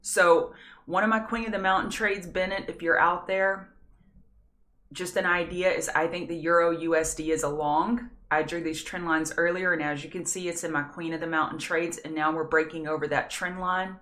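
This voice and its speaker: A woman's voice: lowish voice, fairly even intonation, moderate pace, bright, forceful tone. A woman hosting a live trading stream, chatty and self-deprecating with scattered asides. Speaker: trading show host. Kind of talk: live market analysis stream.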